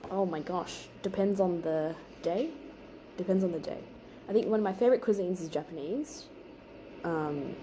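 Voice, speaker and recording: A young woman chatting casually while baking, chatty and quick to laugh, with lively emphasis. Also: lowish voice. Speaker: home baker and co-host. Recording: noticeable background noise.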